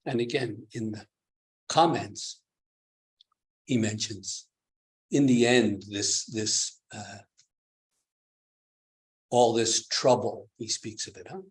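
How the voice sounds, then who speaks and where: A man teaching at a meditation retreat, giving a dharma talk with frequent chuckles and questions to his listeners. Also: fairly low pitch. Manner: chuckling, keeps asking the listeners "do you see?".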